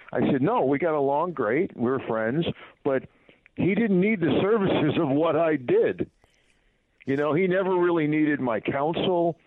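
On a casual radio interview, a middle-aged man tells stories from his days as a baseball PR director. The phone line is tinny and dry with no room sound; his medium-pitched delivery rambles, full of fillers and do-overs.

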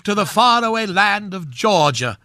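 A man playing a pompous, knighted swashbuckling film star of a certain age, speaking in a grand, drawn-out theatrical manner on a radio comedy bit. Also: high voice, very animated, sharp tone, dry recording, heavily acted. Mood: droll grandiose.

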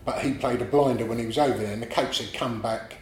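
A man, a guest telling animated stories in casual chat, often laughing and swearing. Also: mid-range voice, quick pace. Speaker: guest artist. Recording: echoey room, faint background noise.

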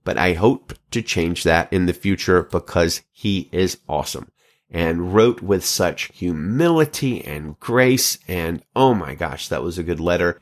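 A low-voiced man hosts a podcast, reading scripture and an old letter aloud. He is measured and earnest, stumbling now and then.

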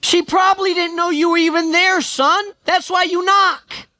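A patient parent gently corrects a son, as a preacher acts it out in a sermon. The voice is high and bright. It asks short, pointed questions. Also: fairly even intonation, moderate pace.

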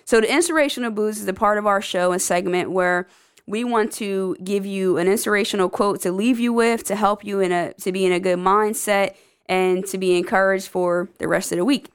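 A woman's voice: medium pitch, brisk, smooth. A woman hosting a podcast, talking to listeners in an upbeat, encouraging way. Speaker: podcast host. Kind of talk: casual podcast monologue.

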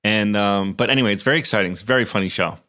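Podcast co-host, male, bright and forceful, loose rambling recap. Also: fairly low pitch, racing. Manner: rambling, with fillers and restarts. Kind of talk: casual episode recap chat.

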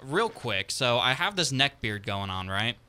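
A man hosting a radio show, telling stories in animated casual banter. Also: medium pitch, a little slow, clear, resonant tone. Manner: animated storytelling.

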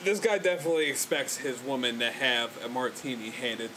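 A man's voice: medium pitch, expressive, brisk, background noise. A man co-hosting a podcast, reacting casually in a laid-back, profane way. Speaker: podcast co-host.

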